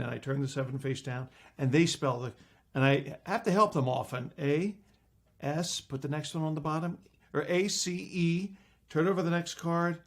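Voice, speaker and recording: Gravelly man teaching magic tricks. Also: fairly even intonation, moderate pace. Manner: playful, acts out patter with big pitch jumps. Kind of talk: magic lecture demonstration.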